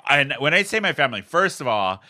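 A man co-hosting a podcast, telling family stories in casual chat and mimicking relatives in high squeaky voices. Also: big pitch swings, brisk, pushed and bright. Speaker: podcast co-host.

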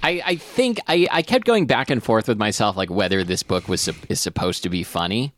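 A man's voice: on the low side, animated, a little fast, fairly bright tone. A man co-hosting a casual podcast, chatting wryly with many fillers and reading a book aloud. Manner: hesitant, wry, many fillers. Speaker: podcast co-host.

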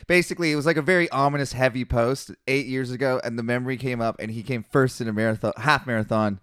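A man chatting on a podcast, his voice mid-pitched and close on a dry mic. He swears freely and slides into animated, worked-up rants. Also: quick pace, clear, resonant tone, no echo. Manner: profane, ranting, animated storytelling. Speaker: podcast host. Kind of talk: casual podcast chat.

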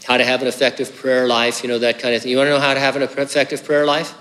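A man's voice: mid-range voice, completely flat delivery, quick pace, a bit bright, long reverb tail. A man preaching a sermon as pastor, earnest and conversational, with hiccups and casual asides.

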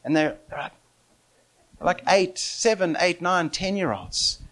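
An excitable man preaching in a high voice with a very lively, swooping pitch. He tells his story in an animated way, laughs often and drops to a hush before jumping back up loud. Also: unhurried. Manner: excitable, laughing often, big swings in loudness.

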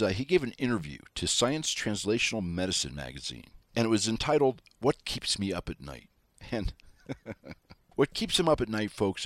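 A man hosting opinionated news commentary, sarcastic and animated, talking straight to his listeners. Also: on the low side, no echo. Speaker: political commentary host.

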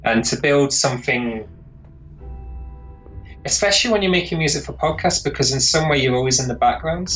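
A man's voice: mid-range voice, brisk, long pauses, fairly bright tone, faint music behind, rough recording. A man, a composer chatting in an interview, rambling and searching for words. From northern England. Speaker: composer guest. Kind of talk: casual interview chat.

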